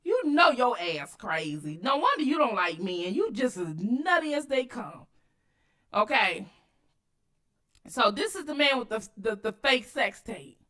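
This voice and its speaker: A woman hosting her own channel, giving loud, cussing commentary on video clips and talking straight to her viewers. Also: on the high side, a little slow. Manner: animated, cussing, addresses viewers directly. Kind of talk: casual commentary while watching clips.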